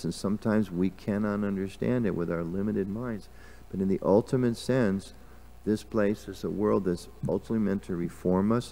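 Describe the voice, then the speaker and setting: In a temple hall, a mellow-sounding man with a fairly low pitch teaches a relaxed scripture class. He keeps it conversational, filling gaps with filler words and quizzing the audience.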